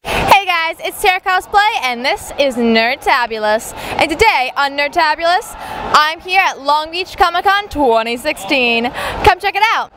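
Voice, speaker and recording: A bubbly woman hosting an interview outdoors at a convention, her voice bright and high as she gushes enthusiastically. Clear street noise and traffic run behind her. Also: expressive, moderate pace. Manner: bubbly, enthusiastic, gushing praise. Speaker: host.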